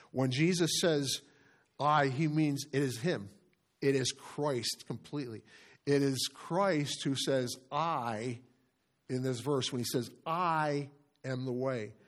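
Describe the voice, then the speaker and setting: A man preaching a sermon as pastor, earnest and stressing phrases by repeating them. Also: mid-range voice.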